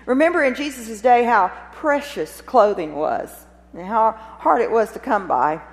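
Expressive woman preaching in a reverberant hall. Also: on the high side, unhurried. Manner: expressive, dramatic storytelling with rhetorical questions. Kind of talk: sermon retelling a Gospel scene. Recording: long reverb of a large hall.

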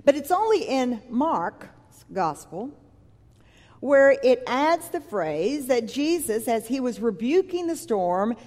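A woman's voice: on the high side, sing-song, slow, darkish tone. A woman preacher giving a sermon in a church, reading scripture and then retelling it in a conversational, vivid way. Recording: long reverb from a large hall.

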